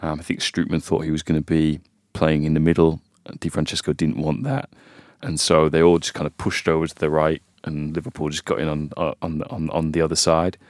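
A man's voice: rumbling low, level tone, brisk, hardly any pauses, no echo, studio quality. A man discussing a football match in a casual podcast chat, thoughtful and hesitant, with frequent fillers. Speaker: football pundit.

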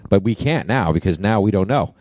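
A man co-hosting a casual comedy podcast from a hotel room, chatty and quick to laugh along. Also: fairly low pitch, expressive, darkish tone, no room sound. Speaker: podcast co-host.

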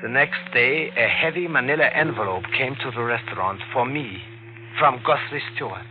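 A man's voice: mid-range voice, expressive, normal speed, lightly acted. An actor playing an earnest, hesitant male waiter who narrates and stammers, in a 1940s-style radio drama. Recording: tinny old radio broadcast with music.

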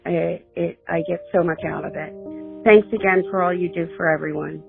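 A woman's voice: lowish voice, steady tone, normal speed, vocal fry, music in the background. Grateful woman on a tinny phone line. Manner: warm, grateful, hesitant with fillers. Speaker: voicemail caller. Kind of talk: phone voicemail message.

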